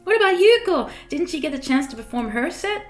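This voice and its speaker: A woman's voice: high-pitched, sing-song, a little fast, roomy sound, soft background music, pitched above the performer's own voice. A woman streamer voicing a young female idol, earnest and curious, while reading a visual novel aloud.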